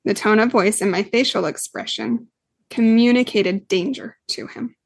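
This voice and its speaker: A woman's voice: medium pitch, animated, moderate pace, no room sound. A woman guest on a podcast interview who explains parenting earnestly, with frequent fillers. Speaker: guest expert, parenting coach.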